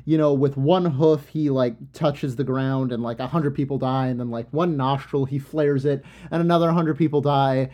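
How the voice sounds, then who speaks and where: A man's voice: mid-range voice, steady tone, normal speed, few pauses, mellow. A young man casually retelling an old myth in loose, rambling slang with plenty of fillers. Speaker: storyteller.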